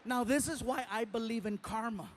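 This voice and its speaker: Man, stand-up comedy story, very high pitch, animated, playful impressions. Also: normal speed, a crowd in the background.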